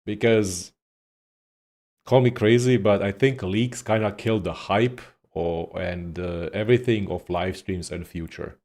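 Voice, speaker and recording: A man's voice: lowish voice, a little slow, darkish tone. A male streamer giving casual gaming commentary in a profane, sarcastic rant.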